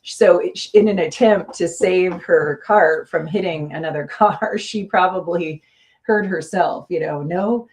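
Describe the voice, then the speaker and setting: A woman's voice: on the low side, unhurried, darkish tone. A woman with a Midwestern accent co-hosting a podcast, chatting casually and laughing often. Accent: Midwestern American. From American Midwest. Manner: chatty, laughs often, trails off mid-sentence. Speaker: podcast co-host. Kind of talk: casual chat.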